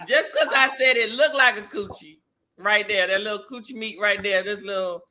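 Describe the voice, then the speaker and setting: A woman co-hosting a casual live talk show, animated and emphatic, who repeats phrases for effect and laughs often. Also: mid-range voice, moderate pace. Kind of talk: casual livestream chat.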